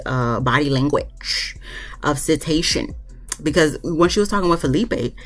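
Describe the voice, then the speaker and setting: A reviewer recapping a reality show in casual chat, ranting bluntly with plenty of swearing and acting out what others said. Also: mid-range voice. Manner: blunt, profane, animated ranting; often acts out quotes of others.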